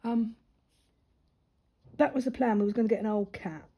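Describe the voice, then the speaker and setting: A woman's voice: on the high side, steady tone, normal speed, mellow. A woman, a mother with a grown daughter, chatting casually and rambling through a personal story while she colours, her voice often dropping to a near-whisper. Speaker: crafting vlogger.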